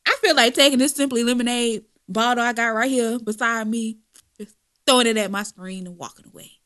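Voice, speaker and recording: A woman's voice: on the high side, fairly quick, fairly bright tone. A woman co-hosting a casual gossip podcast, slangy and dramatic, laughing often. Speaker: podcast co-host.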